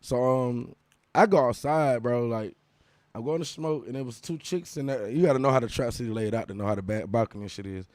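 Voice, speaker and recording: A young man, a guest musician, telling an animated story in a casual interview, full of profane street slang. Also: mid-range voice, a little fast, no echo.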